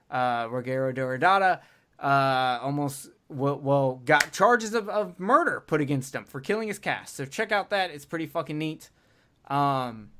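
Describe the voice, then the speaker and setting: A man's voice: mid-range voice, fairly bright tone, clean tone. A man hosting a podcast in casual chat, rambling with many fillers and crude jokes. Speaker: podcast host.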